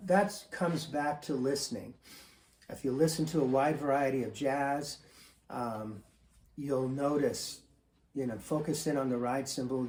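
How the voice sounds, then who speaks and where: Relaxed man teaching in a roomy studio. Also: medium pitch. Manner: relaxed, rambling, many fillers and restarts. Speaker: drum teacher. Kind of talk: casual instructional talk. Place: drum studio. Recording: roomy studio sound with faint noise. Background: drums and cymbals played between remarks.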